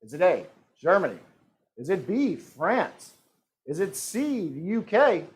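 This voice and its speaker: A high-pitched man with a sing-song delivery, speaking a little slowly, hosts a live-streamed trivia game. He jokes his way through the questions, reading the multiple-choice options in playful voices.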